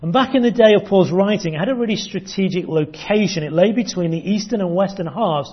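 A man's voice: sits high, brisk, slightly rough. A man preaching a teaching sermon to his congregation, earnest and prone to repeating words as he restarts. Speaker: pastor. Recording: dull lo-fi church recording.

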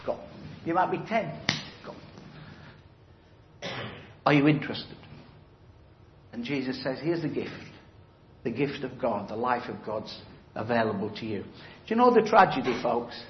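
A man's voice: mid-range voice, animated, unhurried, pauses often, slight background noise. Middle-aged man, preacher, emphatic sermon, questions to the audience, roomy hall echo, slightly muffled sound. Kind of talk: evangelistic sermon. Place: church hall.

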